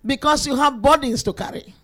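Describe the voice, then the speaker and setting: A woman delivers a sermon to women in a high voice. She is emphatic and lively, swinging between soft asides and shouted peaks. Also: brisk. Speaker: preacher.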